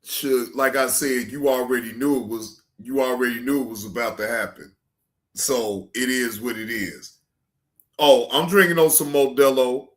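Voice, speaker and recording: A man giving casual, animated reaction commentary as a streamer, breaking into shouts and laughter. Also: mid-range voice, normal speed.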